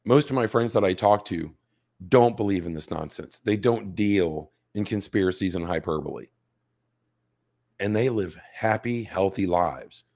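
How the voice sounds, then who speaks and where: Man, fifties, slightly hoarse, lowish voice, emphatic host commentary, rhetorical questions. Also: a little slow, a little mellow. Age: 50s. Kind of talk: direct-to-camera commentary.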